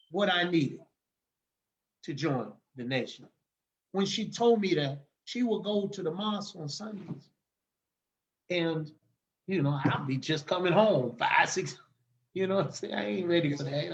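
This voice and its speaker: A man, telling stories as a podcast guest in a lively, casual way and acting out the people he quotes. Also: a little high, unhurried, pauses often, dull audio. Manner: animated, acts out the people he quotes, laughs often. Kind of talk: casual storytelling.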